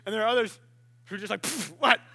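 A man's voice: high-pitched, fairly even intonation, racing, gravelly, a bit bright, a little hiss or hum. A man preaching a casual sermon, joking and acting out voices as he tells the story.

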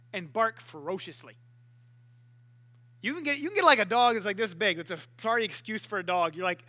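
A young man preaching a sermon, animated and playful, acting out voices and barking to make his point. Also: sits high.

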